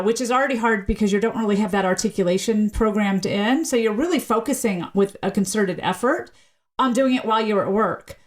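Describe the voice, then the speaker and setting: Woman linguist guest, from the US South, articulate and lecture-like, mid-range voice. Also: medium pitch. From American South. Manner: articulate, lecture-like explanations with frequent "right?". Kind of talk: podcast interview, explaining.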